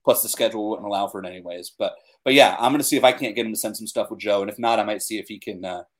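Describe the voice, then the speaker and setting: A young man co-hosting a casual podcast, talking with excitement and leaning on fillers like "like" and "dude". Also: on the low side, rapid-fire. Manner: enthusiastic, filler-heavy, says like and dude a lot. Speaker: podcast co-host. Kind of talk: casual chat.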